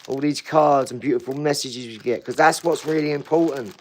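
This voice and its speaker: A man's voice: mid-range voice, brisk, darkish tone, a little hiss or hum, low-quality recording. Blunt rambling man vlogging. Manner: blunt, rambling, addresses viewers directly. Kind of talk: casual rambling vlog talk.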